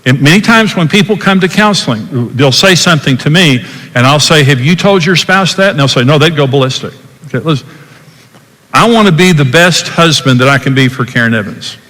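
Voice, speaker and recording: Bright-voiced older man teaching, echoing hall. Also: a little high, lively intonation, fairly quick. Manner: earnest, emphatic, acts out quoted dialogue. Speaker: podcast host, marriage teacher. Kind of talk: teaching talk. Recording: long hall reverb.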